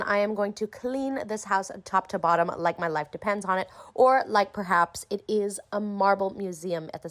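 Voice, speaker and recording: A woman from Utah, a crafts creator, telling stories in a chatty, playful voice-over. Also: mid-range voice. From Utah, USA. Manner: chatty, animated, playful asides. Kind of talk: casual storytelling voice-over.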